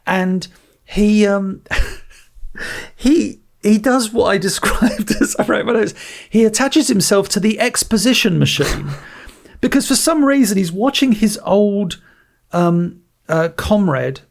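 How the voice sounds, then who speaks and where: A man hosting a podcast, chatting casually about a movie with animated storytelling and frequent restarts. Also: high voice, takes it slowly, gravelly. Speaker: podcast host. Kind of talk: casual movie review chat.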